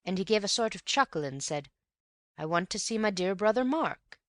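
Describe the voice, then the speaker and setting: A woman's voice: mid-range voice, lively intonation, moderate pace, no room sound, studio quality, voice pushed up, natural voice. A woman voicing an older male lodge-keeper who speaks in plain rustic phrases and keeps saying "sir.". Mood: earnest, wary. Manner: rustic speech, deferential "sir".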